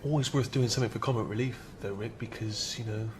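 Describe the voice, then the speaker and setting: Fast, awkward man playing an agent. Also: on the low side, background noise, natural voice. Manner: awkward and hesitant. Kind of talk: scripted sitcom dialogue.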